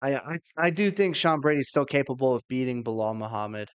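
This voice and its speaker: Smooth-voiced man giving measured analysis. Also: mid-range voice. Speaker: podcast co-host making fight picks. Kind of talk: casual sports chat.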